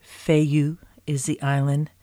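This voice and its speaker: A man hosting a podcast, giving slow, savoring tasting notes during a casual chat. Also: on the high side, monotone, mellow, no room sound, studio quality. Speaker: podcast host tasting cider.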